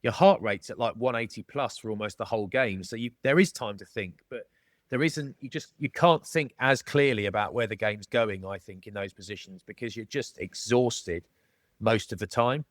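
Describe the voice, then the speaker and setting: A man's voice: on the low side, moderate pace, no echo, clean studio sound. A middle-aged Englishman with a jokey, matey manner, chatting casually as a podcast guest. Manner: jokey, matey, calls people mate. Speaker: podcast guest, former rugby player. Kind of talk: casual storytelling chat.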